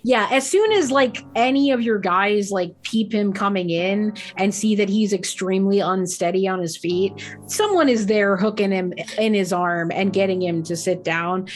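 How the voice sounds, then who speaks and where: A woman narrating a tabletop game as game master, in a casual, relaxed manner. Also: medium pitch, moderate pace, faint music behind, rough recording.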